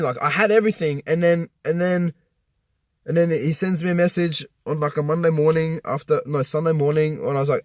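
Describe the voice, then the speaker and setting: Higher-voiced young man ranting in a car. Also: no echo, studio quality. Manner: rambling, profane storytelling with many restarts. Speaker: vlogger. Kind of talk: casual personal rant. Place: parked car in a car park.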